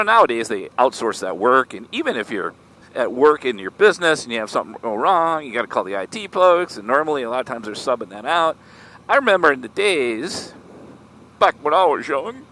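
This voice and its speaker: A man's voice: mid-range voice, a bit bright, a little hiss or hum. A middle-aged man vlogging in a casual, rambling, joking way while riding a motorcycle. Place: outdoors on a moving motorcycle.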